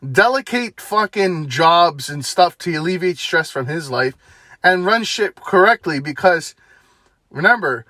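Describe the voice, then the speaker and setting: Young male vlogger, fed-up foul-mouthed rant, slightly high voice, dry close sound. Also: pushed and bright, dry recording. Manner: heated, profane, exasperated ranting. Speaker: wrestling commentary vlogger. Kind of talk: ranting opinion vlog.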